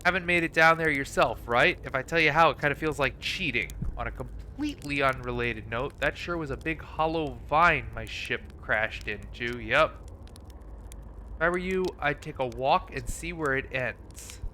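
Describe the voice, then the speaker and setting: A man's voice: mid-range voice, moderate pace, pushed and bright, a little hiss or hum, close to an everyday voice. A man reading aloud the lines of a folksy, laid-back stranded alien pilot in a video game, with dry humor. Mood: teasing.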